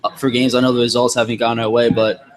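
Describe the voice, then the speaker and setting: A young man, a soccer player guest, answering in a measured, earnest way. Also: medium pitch, little pitch movement, poor audio. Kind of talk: casual interview.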